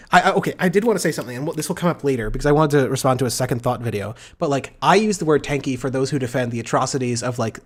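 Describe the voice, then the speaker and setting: A man hosting a casual political livestream, rambling and sarcastic, with a profane, joking way of talking. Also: mid-range voice. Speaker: livestream host.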